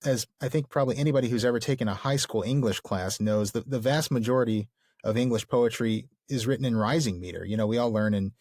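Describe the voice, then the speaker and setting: A man's voice: mid-range voice, fast talker, a little mellow, no echo, clean studio sound. A man co-hosting a podcast, explaining literature casually and enthusiastically, with plenty of fillers. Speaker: podcast co-host.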